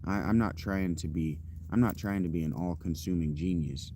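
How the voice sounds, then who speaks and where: Low-pitched male streamer, casual and self-deprecating, talking off the cuff to viewers. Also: normal speed, warm tone, slight background noise. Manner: candid, rambling and self-deprecating. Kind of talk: casual chat to a live audience.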